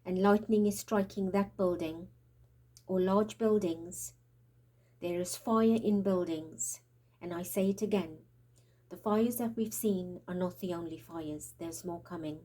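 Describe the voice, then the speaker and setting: A woman's voice: lowish voice, measured pace, dark tone. A woman giving a tarot reading in an urgent, prophetic way, out of breath and trembling, sometimes dropping into whispers. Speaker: tarot reader. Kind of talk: spiritual tarot reading monologue.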